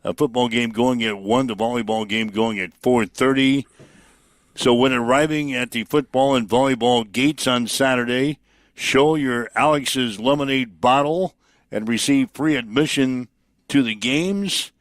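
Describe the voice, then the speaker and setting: A man's voice: mid-range voice, measured pace, dry recording. Dry-sounding male sports talk host. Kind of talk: sports talk show and read announcements.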